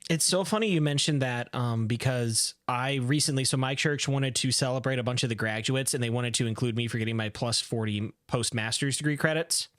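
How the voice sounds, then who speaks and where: A man's voice: mid-range voice, a little fast, few pauses, dry recording, clean studio sound. A man co-hosting a podcast, chatting casually and acting out voices as he tells stories. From Ohio. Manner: animated, acts out voices in stories. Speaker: podcast co-host. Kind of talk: casual chat.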